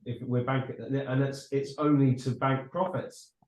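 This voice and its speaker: A man's voice: mid-range voice, level tone, normal speed, a little mellow, echoey room, low-quality recording. A man hosting a casual online roundtable, talking in an enthusiastic, praising way. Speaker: host. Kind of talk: casual video-call chat.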